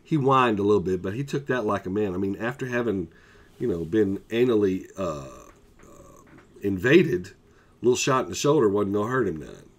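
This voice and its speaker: Lively, rambling man telling a story. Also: lowish voice, normal speed. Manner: animated, rambling with fillers and asides. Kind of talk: casual storytelling vlog.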